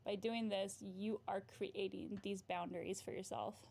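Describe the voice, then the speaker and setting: Gravelly-voiced woman therapist chatting casually. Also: mid-range voice, steady tone, moderate pace, darkish tone. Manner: frequent "right?" tag questions, laughs often. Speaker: therapist and livestream host. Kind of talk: casual livestream advice chat.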